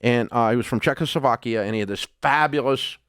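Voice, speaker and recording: A man in a studio delivers a blunt talk-radio rant, scornful and forceful. His voice leaps up in pitch and volume when he gets worked up. The sound is close and dry. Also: quick pace, smooth, no room sound. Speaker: radio show host.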